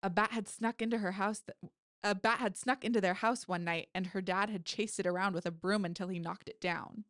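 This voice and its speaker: A woman author reads her own horror story aloud. She is lively and now and then corrects herself with a laugh. Her voice sits at an ordinary pitch and is recorded close and dry, with no room sound. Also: fairly quick, no echo.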